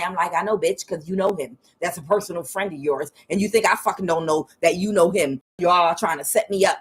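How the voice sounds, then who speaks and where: Female tarot reader, lowish voice, casual and profane, storytelling with mimicked quotes. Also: fast talker, few pauses, slightly rough. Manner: frank and profane, with quoted asides in a higher voice. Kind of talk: casual spiritual reading and storytelling.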